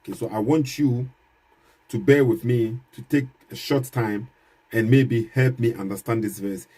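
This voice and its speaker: Man, husky mellow voice, measured apologist vlog delivery, repeats himself for emphasis. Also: mid-range voice. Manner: measured, repeats points, rhetorical questions, dry chuckles. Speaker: Christian apologist vlogger. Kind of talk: casual argumentative commentary to camera.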